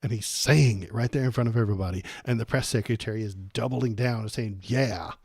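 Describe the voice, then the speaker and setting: A man's voice: fairly low pitch, quick pace, darkish tone, husky, no echo. A man hosting a political stream, ranting with sarcastic, profane exasperation.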